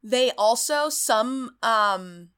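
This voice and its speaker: Bright, clear-voiced woman telling stories. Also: on the high side, extremely slow. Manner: animated storyteller, jokey, swears. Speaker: podcast co-host. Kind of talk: casual chat.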